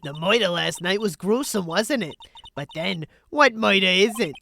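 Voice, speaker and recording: A woman's voice: medium pitch, measured pace, heavy background noise, natural voice. A woman putting on a haughty scolding old lady. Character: cranky nosy old woman scolding the young. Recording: faint game music behind.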